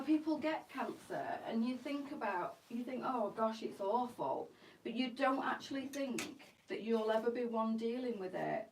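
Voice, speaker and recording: A woman's voice: medium pitch, darkish tone, distant mic, slight background noise. Tearful woman on a live stream. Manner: emotional, tearful, chatty, addresses viewers as girls. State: close to tears. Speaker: live-selling boutique host. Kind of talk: live shopping stream chat.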